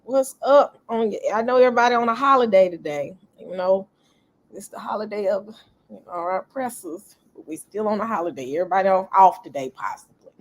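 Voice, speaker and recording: A middle-aged woman, hosting a laid-back livestream and greeting viewers as they join. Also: a little high. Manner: greets viewers repeatedly, laid-back, coughs now and then. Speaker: livestream host. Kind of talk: casual livestream chat.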